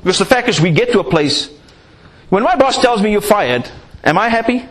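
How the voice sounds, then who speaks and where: A man's voice: high-pitched, lively intonation, brisk, a bit bright. A man preaching a sermon, acting out little scenes to make his points. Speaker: pastor.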